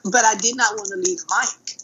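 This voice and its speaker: A woman, a middle school art teacher, telling energetic stories in a casual podcast interview. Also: medium pitch, moderate pace, a little hiss or hum, poor audio. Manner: energetic and loud, animated retelling. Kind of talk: casual conversational storytelling.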